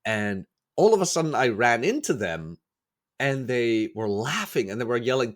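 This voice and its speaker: A man's voice: mid-range voice, sing-song, normal speed. A man telling stories as a podcast guest in casual chat, rambling and correcting himself as he goes, still getting over a cold. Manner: rambling, self-correcting, acts out quoted voices. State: recovering from a cold.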